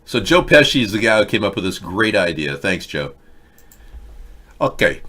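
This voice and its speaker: A man hosts a sarcastic political talk show in a lowish voice. He mocks and rants, jumping from bit to bit with a scornful edge. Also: lively intonation, normal speed, bright, forceful tone. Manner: mocking, sarcastic, jumps between bits and rants. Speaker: host.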